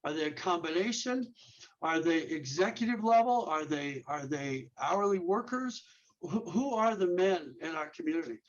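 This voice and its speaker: A men's ministry leader, interviewed as a guest, earnestly explains steps in a high-leaning, expressive voice at a moderate pace. He fires off rhetorical questions and often restarts his words. The recording is muffled.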